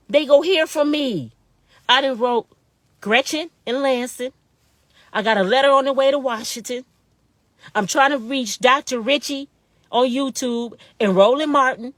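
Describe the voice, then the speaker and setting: A woman in her fifties speaks in a high, bright voice, pressing each point with indignant, repetitive emphasis. The sound is close and dry, with no room around it. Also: no room sound. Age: 50s. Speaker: vlogger telling her own story. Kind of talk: impassioned personal monologue.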